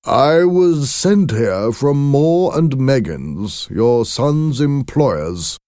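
A man's voice: mid-range voice, animated, dark tone, dry recording, clean studio sound, voice pushed up. A man doing a stiff, nervous company messenger. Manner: slow, stiff and formal.

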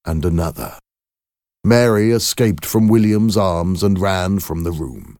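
A man narrating a scripted story in a measured, expressive way. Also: deep voice, no echo, studio quality.

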